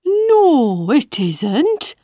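A woman voicing a fussy, contrary male caterpillar in a storybook reading, drawing her words out slowly. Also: wildly swooping pitch, warm tone, dry recording, studio quality, heavily acted. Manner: drawn-out, slow squeaky exclamations.

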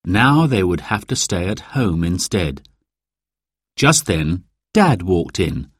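A man reading a children's storybook aloud as narrator, in a slow, lively storytelling manner. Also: low-pitched, husky, dry recording, studio quality.

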